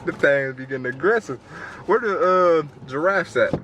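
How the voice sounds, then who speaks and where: A man's voice: fairly high pitch, expressive, moderate pace, noisy background. A young man vlogging from a car at a safari park, joking and laughing in casual chat. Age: young adult. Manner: laid-back, joking and laughing.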